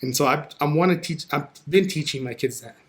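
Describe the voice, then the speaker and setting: A man guesting on a podcast, chatting casually and telling lively stories, acting out what people said. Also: on the high side, a little fast. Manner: animated storyteller who acts out quoted dialogue. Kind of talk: casual conversation.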